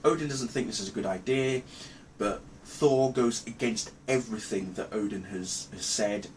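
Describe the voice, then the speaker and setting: A man recapping a film's plot in a casual review, rambling and halting with many ums and restarts. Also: lowish voice, a little hiss or hum. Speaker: movie reviewer. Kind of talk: casual spoken film review.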